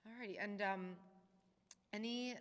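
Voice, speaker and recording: A woman's voice: medium pitch, fairly even intonation, a little slow, a bit bright. A young woman hosting a podcast with her sister, chatting casually and encouraging her with frequent "yeah"s. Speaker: podcast host, the guest's sister. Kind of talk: casual chat. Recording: long echoey reverb.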